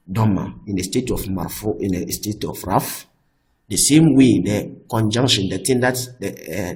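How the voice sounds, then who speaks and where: A man's voice: on the low side, rough recording. Man teaching grammar patiently. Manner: repeats "I hope that is clear", explains patiently step by step; slips between English and Arabic example sentences. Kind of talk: recorded grammar lesson.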